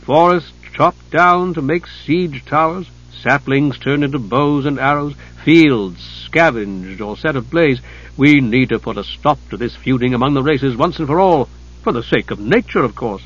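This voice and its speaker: A man voicing a scheming male god of trade, persuasive and mock-innocent, with a husky voice. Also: medium pitch, animated, normal speed, muffled recording.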